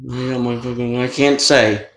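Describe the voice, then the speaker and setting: A man's voice: mid-range voice, level tone, moderate pace. Brief: foul-mouthed man riffing in long rambling rants, in an echoey room. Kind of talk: casual comedic banter. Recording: roomy echo.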